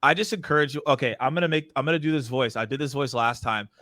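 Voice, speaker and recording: A man hosting a sales workshop, giving advice in an energetic, joking, emphatic way. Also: mid-range voice, fast, no room sound, studio quality. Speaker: host. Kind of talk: casual webinar advice chat.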